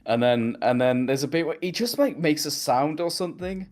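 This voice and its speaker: A man's voice: fairly high pitch, lively intonation, normal speed, a little mellow. A man co-hosting a podcast, chatting loosely about a cartoon series, rambling and swearing casually. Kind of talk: casual chat.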